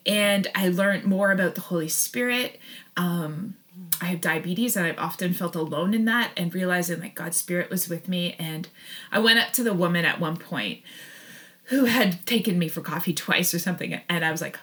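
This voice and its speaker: A woman's voice: lowish voice, moderate pace, a bit bright. A woman in her thirties, a podcast guest, telling a long personal story in a rambling, self-interrupting way with frequent laughs.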